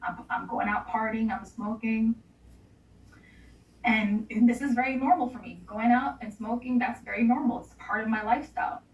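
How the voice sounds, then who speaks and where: A woman's voice: a little high, moderate pace. Woman telling her story, distant and roomy. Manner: candid, emotional storytelling with casual slang. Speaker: interview guest. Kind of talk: personal testimony in an interview. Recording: roomy sound, voice off-mic.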